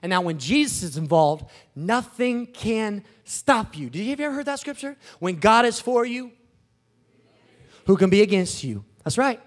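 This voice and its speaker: A male preacher giving a high-energy sermon, shouting out exclamations. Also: animated, normal speed.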